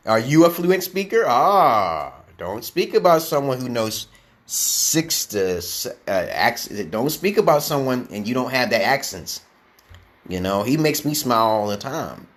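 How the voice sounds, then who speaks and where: A man's voice: medium pitch, a bit bright. A man streaming casually as an online English teacher, who rambles and lectures, tags his sentences with "okay?" and answers viewer comments.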